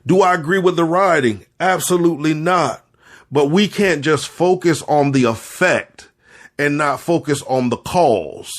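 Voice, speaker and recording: A man's voice: a little high, a little slow. A man speaking as a podcast host and spiritual leader, giving earnest, preacherly commentary, repeating phrases for emphasis and holding back tears. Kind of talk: impassioned spoken commentary.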